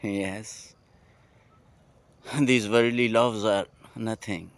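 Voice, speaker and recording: A man with a Pakistani English accent speaking a heartfelt, poetic monologue outdoors at night, slowly and with pauses. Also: fairly low pitch, fairly even intonation, clear, resonant tone, no room sound. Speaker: vlogger.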